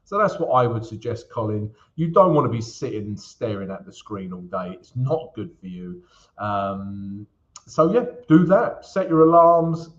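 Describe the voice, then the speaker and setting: A man's voice: medium pitch, fairly bright tone, dull audio. A man from England hosting a live trading stream, chatting with viewers by name and talking through charts in a casual, joking way. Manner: chatty, greets viewers by name, jokes between chart talk. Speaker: forex trading stream host.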